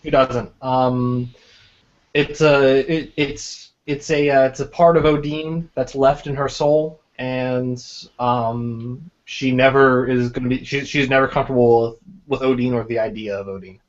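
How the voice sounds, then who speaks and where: A man speaks casually on a podcast, stumbling and repeating words as he thinks. His voice is mid-pitch, and the recording sounds somewhat dull and lo-fi. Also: fairly even intonation, measured pace. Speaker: podcast co-host, tabletop game player.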